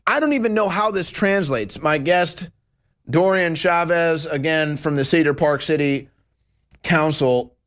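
A man hosting a talk show, giving emphatic, sarcastic commentary with a lively voice. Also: a little high, measured pace. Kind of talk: opinionated commentary.

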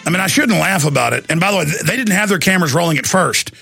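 A sarcastic male host comments on a clip in a high, gravelly voice. His tone is bright and somewhat husky, with a faint bed of music behind him. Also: animated, fairly quick. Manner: sarcastic, indignant, laughs a lot. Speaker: TV show host.

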